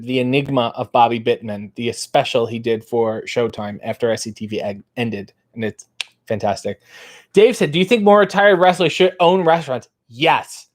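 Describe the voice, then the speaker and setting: A man hosting a casual livestream, reading viewer comments aloud and riffing on them in a dry, wry way. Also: mid-range voice. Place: dark room with a black backdrop.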